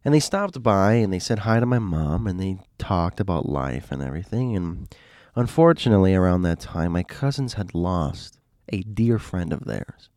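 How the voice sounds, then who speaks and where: Male storyteller, low voice, rambling and animated, dry close recording. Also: normal speed, few pauses, no echo. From Miami. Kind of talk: casual storytelling monologue.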